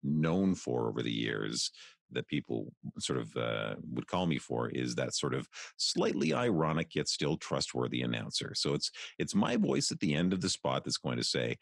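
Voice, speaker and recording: A Canadian voice actor, a man, talking through his work in a relaxed, thoughtful interview with many restarts. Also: a bass voice, moderate pace, gravelly, no echo, studio quality. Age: middle-aged. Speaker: voice actor guest.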